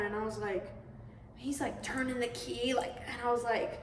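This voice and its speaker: A young woman co-hosting a podcast, telling stories in a casual, animated way and laughing often. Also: fairly high pitch, normal speed. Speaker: podcast co-host. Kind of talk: casual storytelling chat. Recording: echoey room, far from the mic, faint hiss.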